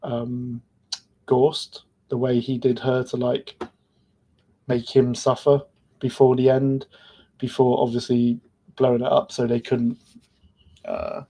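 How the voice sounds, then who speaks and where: A man's voice: medium pitch, little pitch movement, slow, pauses often, mellow, husky. A man retelling events of a series in a loose, rambling podcast recap, filling his sentences with "like". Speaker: podcast panelist. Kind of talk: casual episode recap.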